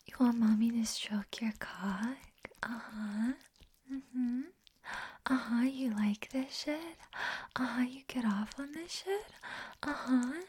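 A woman's voice: a little high, a little mellow, breathy edge, exaggerated voice. A woman playing a scornful, domineering young woman in a whispered role-play, harsh and mocking. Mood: taunting. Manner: harsh, mocking, profane, slow taunting.

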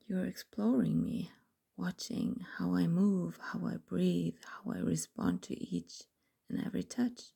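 A young adult woman telling an intimate first-person story in whispered role-play, slow and breathy. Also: lowish voice, steady tone, dark tone.

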